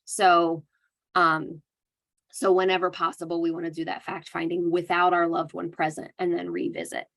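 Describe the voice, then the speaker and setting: A young adult woman, a dementia care educator, giving an earnest, conversational educational talk and acting out gentle phrases to say. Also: on the low side, little pitch movement, moderate pace, vocal fry.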